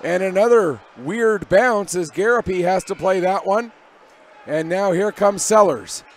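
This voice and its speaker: A man doing live hockey play-by-play commentary from above the ice, with rapid, energetic calls that rise on big plays. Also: high voice, slight background noise. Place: arena broadcast position above the ice.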